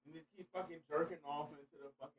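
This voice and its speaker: A man co-hosting a podcast in casual chat, joking crudely and excitedly. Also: fairly high pitch, rapid-fire, a crowd in the background, poor audio. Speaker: podcast co-host.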